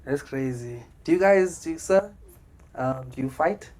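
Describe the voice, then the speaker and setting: A man's voice: medium pitch, lively intonation, unhurried, darkish tone. A South African man doing stand-up comedy, chatting with the crowd and acting out voices in his stories. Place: comedy club stage. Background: audience laughter.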